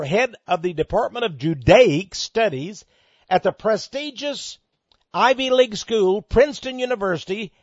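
A man giving an emphatic monologue, reading an article aloud and commenting on it, with sudden loud stresses. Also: extremely high pitch, no room sound, highs cut off.

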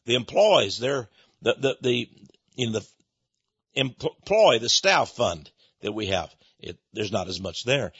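A man hosts a radio ministry, making a folksy, earnest appeal for donations before teaching from the Bible, and he frequently restarts his sentences. He's the ministry leader and program host, with a mid-range, slightly bright, husky voice, lively intonation and a slow pace. The recording is muffled, with no room sound.

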